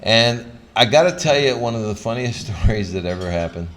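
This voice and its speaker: An older man, a former pro athlete, giving a motivational talk full of personal stories that he acts out with lively, sometimes loud energy. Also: on the low side, moderate pace. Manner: animated storyteller who acts out scenes, loud when excited.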